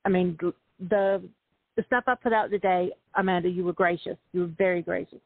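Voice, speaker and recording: A woman's voice: fairly low pitch, fairly even intonation, fairly quick, dry recording. A woman calling in to a live show, giving a grateful, rambling closing statement. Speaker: caller. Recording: dry tinny phone line.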